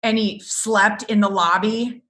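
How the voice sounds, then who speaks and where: A middle-aged woman, a business coach, chatting in an interview and telling lively stories with frequent laughter. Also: mid-range voice, unhurried, a little hiss or hum. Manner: animated storyteller, laughs often. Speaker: guest, business coach for photographers. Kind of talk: casual interview chat.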